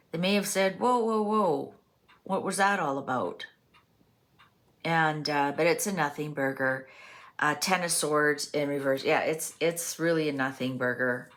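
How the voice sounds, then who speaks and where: A woman's voice: deep voice, a bit bright. A woman doing a chatty tarot reading, musing aloud with lots of fillers as she turns over cards. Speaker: tarot reader. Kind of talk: casual tarot reading monologue.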